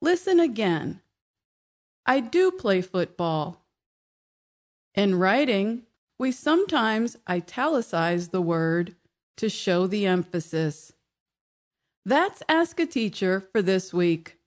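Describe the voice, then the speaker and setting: Woman, English teacher, scripted lesson, very slow delivery, careful clear stress, mid pitch. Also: expressive. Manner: careful, clearly stressed reading with example sentences. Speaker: English teacher and show host.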